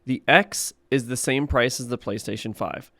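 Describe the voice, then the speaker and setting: A man co-hosting a podcast, casually explaining buying advice with quick asides. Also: medium pitch, a bit bright, no echo, clean studio sound. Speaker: podcast co-host. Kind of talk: casual chat.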